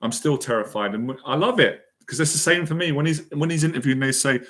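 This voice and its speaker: A man's voice: a little high, fast talker, fairly bright tone. A man giving a motivational talk as an anxiety and confidence mentor, earnest and emotional, repeating phrases for emphasis. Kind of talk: motivational monologue.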